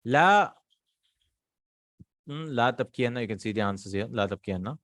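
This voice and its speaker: A man's voice: mid-range voice, animated, moderate pace, fairly bright tone, dry recording, clean studio sound. A man teaching Arabic grammar, working through exercises and repeating each word form aloud. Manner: patient, drills words aloud, asks and answers himself.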